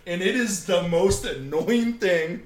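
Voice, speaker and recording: A man, a guest on a podcast, telling a racing story in a casual, animated way with some swearing. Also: sits high, takes it slowly, background noise. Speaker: podcast guest, drift driver. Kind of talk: casual chat. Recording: roomy echo.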